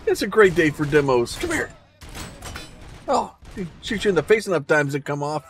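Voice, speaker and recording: A woman's voice: sits low, sing-song, normal speed, slight background noise. A woman streamer giving let's-play commentary, giggling and amused.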